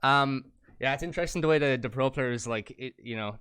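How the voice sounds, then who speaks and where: A man hosts a casual podcast and talks fast in a relaxed, laid-back way, swearing freely. His voice sits mid-range and sounds dry and close, with no room around it. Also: medium pitch, smooth, dry recording. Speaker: podcast host.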